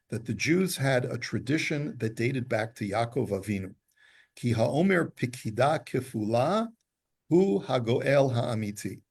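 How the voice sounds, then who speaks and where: A man giving a Torah class, his voice gravelly with a husky, slightly rough edge. He reads Hebrew text aloud and then unpacks it line by line in a patient, explanatory way. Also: medium pitch, a little mellow. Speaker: Torah teacher.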